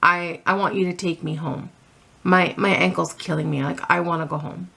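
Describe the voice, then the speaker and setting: A middle-aged woman telling a personal story on her vlog, animated and a little flustered, with many restarts. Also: lowish voice, normal speed, gravelly, husky. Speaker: vlogger.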